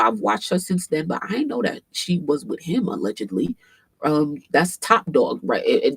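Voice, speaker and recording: A woman hosting a casual commentary livestream, animated and swearing freely, with AAVE speech and frequent fillers. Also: deep voice, slightly rough, dry recording. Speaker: livestream host.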